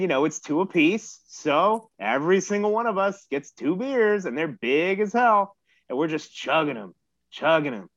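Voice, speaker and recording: Higher-voiced man telling a rambling story. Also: a bit bright, no echo. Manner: rambling, self-mocking, swears freely. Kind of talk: casual storytelling chat. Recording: dull lo-fi dry recording.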